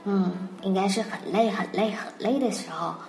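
A woman's voice: medium pitch, normal speed, vocal fry, a little mellow. A Mandarin-native woman telling a children's story and explaining English words, patient and repeating phrases. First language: Mandarin Chinese. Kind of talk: bilingual storytelling lesson. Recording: roomy recording, faint music.

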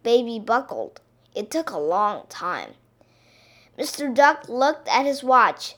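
Slow, expressive woman reading a storybook. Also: on the high side. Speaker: picture-book reader.

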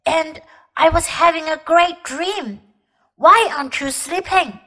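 A drowsy baby frog boy who mumbles and grumbles at being woken, as a woman storyteller puts him on. His voice sits high and slow in a bedtime storybook reading. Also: sharp tone, full character voice. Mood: sleepy. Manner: grumbling, sleepy.

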